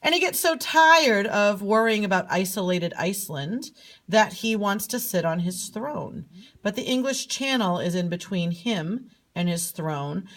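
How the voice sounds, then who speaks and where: A woman's voice: medium pitch, a little slow. Playful woman telling a map story. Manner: playful, sing-song, lively storyteller. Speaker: teacher. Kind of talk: storytelling geography lesson.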